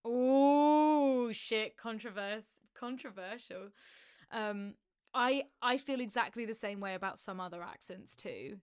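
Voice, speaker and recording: A young woman british, chatting loose and sweary on a podcast, laughs lots, bone-dry close mic, middling pitch. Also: a little slow, a bit bright, no room sound. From Britain. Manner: frank, sweary, laughs a lot. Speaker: podcast co-host. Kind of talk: casual chat.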